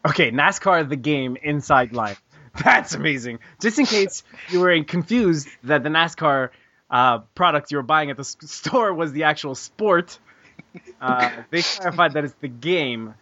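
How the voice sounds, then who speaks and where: A man hosting a casual gaming podcast, excitable, swearing and laughing often. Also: fairly high pitch, unhurried, dull audio. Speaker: podcast host.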